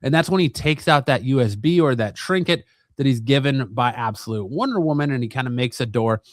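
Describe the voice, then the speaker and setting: A man hosting a comic review channel, retelling a comic's plot in a relaxed, rambling way with lots of fillers. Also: medium pitch, a little fast, dry recording, clean studio sound. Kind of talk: casual comic book recap.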